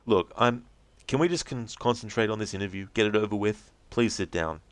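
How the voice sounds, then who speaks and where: A man's voice: fairly low pitch, fairly quick, no echo, pitched above the performer's own voice, lightly acted. A man doing a resentful small-town radio host. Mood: defensive. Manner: stiff, resentful and formal. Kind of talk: reading game transcripts aloud with voices.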